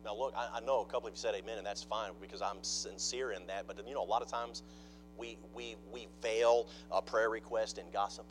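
A man preaching a sermon, dropping to hushed mock-gossip asides and then rising into loud, emphatic preaching. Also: fairly low pitch, fairly even intonation, fairly quick, soft background music, low-quality recording. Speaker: pastor.

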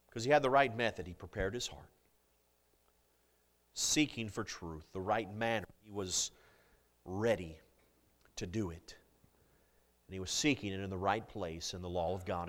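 A man preaching a sermon to a congregation, with big swings in loudness and pitch and jokes with the listeners. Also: normal speed, long pauses.

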